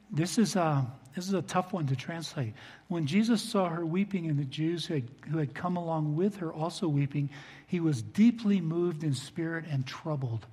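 An older man delivers a sermon in a church, his voice somewhat high and husky. He leans hard into emphatic phrases, then falls back to soft, low remarks. The long reverb of the large hall trails after every word. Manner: earnest, swings between loud emphasis and soft low asides. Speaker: pastor. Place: church sanctuary.

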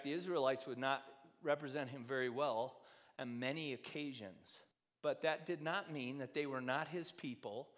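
A man preaches to his congregation in an easy, conversational way and keeps throwing rhetorical questions at them. His voice swings between quiet asides and louder emphasis at a middle pitch. A long reverb from a church sanctuary trails after his words. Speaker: pastor. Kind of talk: sermon.

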